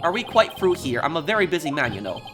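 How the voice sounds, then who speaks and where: A man's voice: a little high, very animated, fast, over music. A man voicing a vain, theatrical man obsessed with beauty, who talks down to people. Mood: haughty. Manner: haughty and dismissive.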